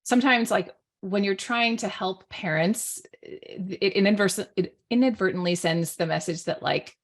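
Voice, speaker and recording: A middle-aged woman, an author and guest expert on parenting, chats casually on an online panel. Her medium-pitched voice moves a little slowly, full of "like" and "you know" fillers.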